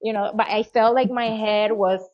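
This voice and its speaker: A middle-aged woman guest telling a personal story in a casual interview, animated, acting out what others said. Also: medium pitch, moderate pace, muffled recording. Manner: animated, acts out quoted voices, many "you know"s.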